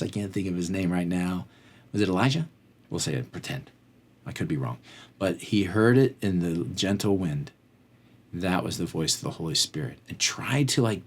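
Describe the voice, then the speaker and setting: A man's voice: deep voice, husky. Guy hosting a faith podcast, chatty and rambly, voice all over the place, goes off on tangents. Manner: conversational, fills with "like". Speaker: podcast host. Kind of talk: faith-based motivational talk.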